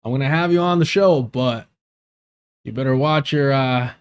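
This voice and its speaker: Bossy southern-drawl co-host bit put on by a man, scolding, mid pitch. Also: moderate pace, clear, resonant tone, natural voice. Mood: lecturing.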